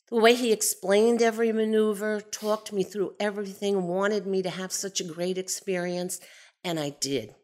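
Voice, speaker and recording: Animated woman telling a personal story. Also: on the low side. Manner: animated, expressive, swings from excited to hushed. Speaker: storyteller, aviation enthusiast.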